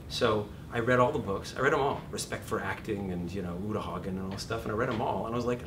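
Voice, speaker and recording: A middle-aged man teaching an acting class in a lively, profane manner, acting out shouted examples. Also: quick pace, few pauses. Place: classroom or studio. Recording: distant room recording with background rumble.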